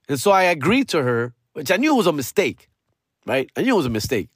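A man's voice: a little high, brisk, husky, no echo, studio quality. A young man, telling a comic story as a podcast host, ranting and swearing and slipping into Spanish. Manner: profane, ranting, animated, slips into Spanish. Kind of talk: comedic storytelling rant.

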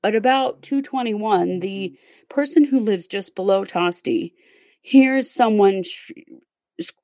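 Woman, podcast host, casual true crime storytelling, step-by-step, gravelly, dry close sound. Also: mid-range voice, slow, a little mellow, no echo. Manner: conversational, recounts events step by step with fillers.

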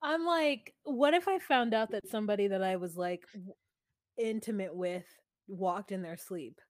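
A woman co-hosting a podcast in casual chat, telling animated stories and laughing often. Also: mid-range voice, moderate pace, no echo, studio quality. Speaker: podcast co-host.

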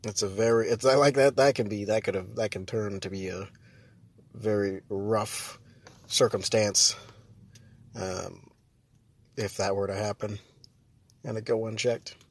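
A man's voice: on the low side, fairly even intonation, unhurried, long pauses. A man hosting his own podcast, chatting casually and rambling, breaking off mid-sentence and laughing often. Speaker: podcast host. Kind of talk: casual solo podcast chat.

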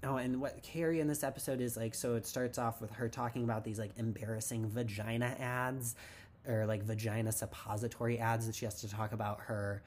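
A man's voice: mid-range voice, level tone, a little fast, darkish tone, slight background noise. A man hosting a casual TV recap podcast, rambling and sarcastic with lots of "like". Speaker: podcast host.

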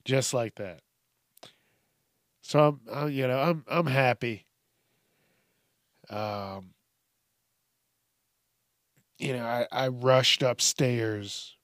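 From a small home studio, a thirtysomething man with a mid-range, fairly bright voice hosts a podcast on his own, with no room sound on the studio microphone. He talks haltingly, swearing and rambling with lots of fillers and false starts.

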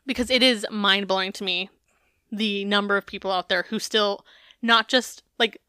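A woman's voice: medium pitch, steady tone, moderate pace, sharp tone, smooth, dry recording, studio quality. A woman co-hosting a podcast, reading a memoir passage aloud and then chatting candidly with filler words and swearing. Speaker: podcast co-host.

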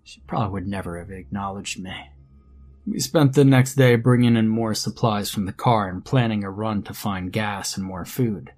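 A man narrating a first-person horror story in a measured, grim storytelling manner. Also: on the low side, a little mellow. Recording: faint background music under narration.

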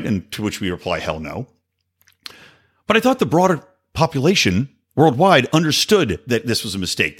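A man's voice: medium pitch, a bit bright. A man hosting a podcast, delivering sarcastic, opinionated political commentary with joking asides. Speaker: podcast host.

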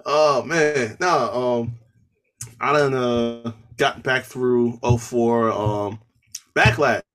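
A man co-hosting a podcast, talking wrestling in an excitable, slangy way with lots of laughter. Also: mid-range voice, very slow. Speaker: podcast co-host. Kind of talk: casual wrestling chat.

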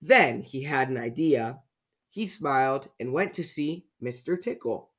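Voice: medium pitch, animated, measured pace. A storyteller reading a children's picture book aloud, playfully asking young listeners questions along the way.

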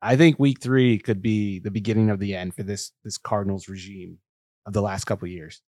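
A man co-hosting a football podcast, laying out measured, matter-of-fact predictions. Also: fairly low pitch, steady tone, a little mellow, no echo, studio quality. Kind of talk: casual sports analysis.

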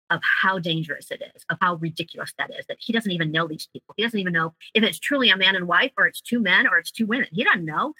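A woman's voice: on the low side, bright, forceful tone, breathy edge, no echo, poor audio. A woman, a guest, earnestly telling a personal story in an interview.

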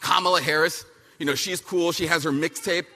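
A man giving a punchy, fiery speech at a youth summit. He repeats lines for effect and mocks people with quick impressions. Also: a little high, steady tone, sharp tone. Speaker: speaker at a youth political summit. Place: large hall at a summit, with an audience. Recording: big hall with long reverb and a faint crowd.

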